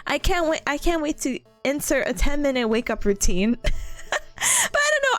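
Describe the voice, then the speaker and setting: A woman's voice: sits high, big pitch swings, measured pace, faint music behind. A woman streamer chatting casually with her viewers, giggling and laughing often between sentences. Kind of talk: casual livestream chat.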